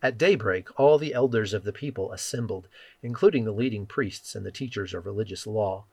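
A man with a lowish voice reads scripture in a slow, solemn devotional style. His phrases fall gently at their ends. The recording is dry and close, with no room sound. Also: vocal fry, slightly rough, dry recording. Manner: measured, solemn reading that drops softly at phrase ends. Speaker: scripture reader. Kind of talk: devotional Bible reading and prayer.

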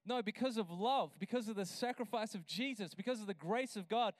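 A man preaching a sermon as a pastor, building to emphatic, drawn-out lines and breaking into chatty asides with a laugh. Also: high voice, no room sound, clean studio sound.

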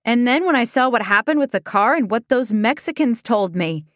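A woman putting on a pampered young detective heroine, high and raised, shrill indignant cries, flustered, dry close storybook sound. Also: lively intonation, moderate pace, no room sound, natural voice. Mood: plaintive.

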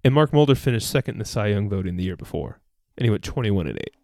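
A man's voice: fairly low pitch, very animated, quick pace, vocal fry, darkish tone, dry recording, studio quality. A man in a casual podcast chat, eagerly reeling off sports statistics and tripping over his own words. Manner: rattles off statistics eagerly, stumbling and restarting.

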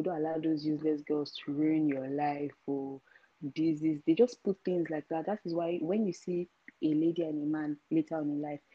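A young woman talks earnestly as a podcast guest, setting out her views. Her voice is low, dark and husky. The recording is dry and somewhat muffled. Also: no echo. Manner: shy at first, then earnest and opinionated. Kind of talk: casual podcast chat.

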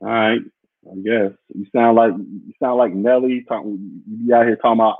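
A man's voice: fairly low pitch, fairly even intonation, moderate pace, no room sound. A man hosting a podcast as a casual livestream, reading out viewer comments in a rambling, blunt and profane way. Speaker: podcast host. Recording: muffled phone-like audio.

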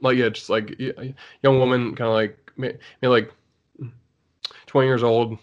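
A man's voice: medium pitch, flat delivery, moderate pace, muffled recording. A man co-hosting a casual chat about shows, rambling with lots of fillers and restarts. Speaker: podcast co-host.

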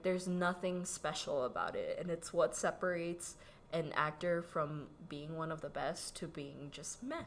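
A woman's voice: on the low side, a little hiss or hum. A woman from the Philippines with a slight Filipino accent, co-hosting a casual chat in a chatty, playful way and laughing easily. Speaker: podcast co-host.

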